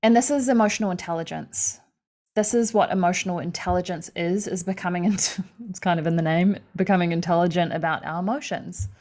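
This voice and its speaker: A woman's voice: on the low side, fairly quick. Earnest woman life coach talking live. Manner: earnest, conversational, acts out inner thoughts; frequent fillers and soft laughs. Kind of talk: live online coaching session.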